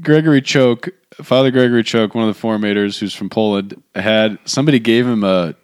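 A man talks casually and jokes through his stories. He tells them in an animated way. His voice sits somewhat low. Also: brisk, smooth, no room sound, studio quality. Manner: joking, animated storyteller. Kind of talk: casual conversation.

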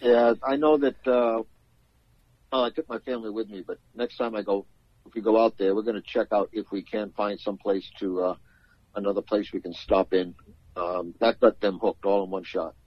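Low husky man, dull lo-fi sound. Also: steady tone, moderate pace, dry recording. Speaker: podcast co-host. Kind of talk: casual chat.

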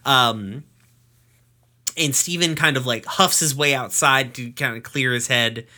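Recapping a cartoon episode on his podcast, a man speaks in a mid-range, pushed, bright voice. The chat is casual and jokey, peppered with swearing and brief acted-out quotes.

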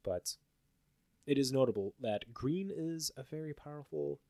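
A man's voice: mid-range voice, unhurried, dry recording, clean studio sound. A man co-hosting a podcast, chatting casually and rambling through card game stats with lots of fillers. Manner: rambling, filler-heavy, animated when listing stats. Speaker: podcast co-host. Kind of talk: casual chat about card game results.

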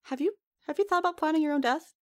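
A woman's voice: high voice, rapid-fire. A young woman chatting casually, recapping a TV episode with lots of swearing and laughter. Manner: animated, swears freely, laughs often.

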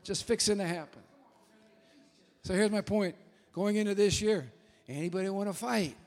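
A male pastor preaching a fervent, emphatic sermon and rising to shouts at times. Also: high-pitched, moderate pace, big-room sound.

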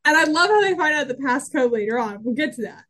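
An excitable woman co-hosting a casual podcast, laughing often as she recaps a TV episode. Her voice runs a little high. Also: quick pace. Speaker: podcast co-host.

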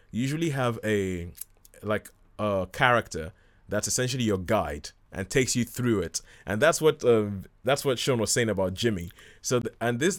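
A man hosting a casual film review chat, rambling with many restarts and acting out quotes from scenes. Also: lowish voice.

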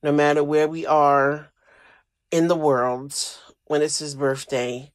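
A man's voice: fairly high pitch, flat delivery, slow pace, clear, resonant tone, dry recording. A man hosting a casual solo podcast, rambling and emotional, sometimes close to tears. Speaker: podcast host.

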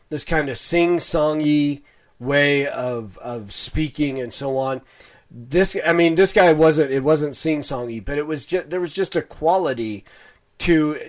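Rambling middle-aged male commentator. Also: medium pitch. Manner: rambling, full of fillers and restarts. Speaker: online commentator on preachers. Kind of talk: casual video commentary.

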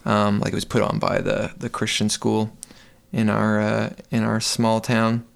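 Gravelly low-voiced man, rambling. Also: completely flat delivery, measured pace. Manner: rambling, meandering recollection with many fillers. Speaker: podcast guest. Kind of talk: casual podcast discussion.

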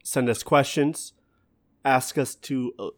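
A man's voice: medium pitch, slow pace. A man co-hosting a casual podcast chat, teasing and joking dryly. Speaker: podcast co-host.

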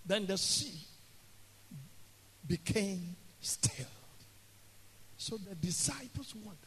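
A man preaching a sermon, swinging between shouts and near whispers and calling on the congregation to repeat after him. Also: sits high, big pitch swings, slow pace, slightly rough. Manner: swings from shouting to hushed, call-and-response with the congregation. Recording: echoey hall.

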